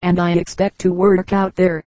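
A woman's voice: fairly low pitch, level tone, normal speed, mellow, no room sound, lightly acted. A woman reading the part of a cheerful, easygoing older teenage boy in an audiobook.

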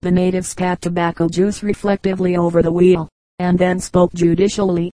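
Dark, even-voiced female audiobook reader. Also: on the low side, fairly quick, no echo, low-quality recording. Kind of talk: scripted narration of humorous anecdotes.

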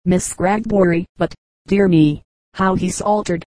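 A woman reading the part of a catty, gossiping spinster in an audiobook, in a low, flat voice. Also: a little slow, dry recording, lightly acted.

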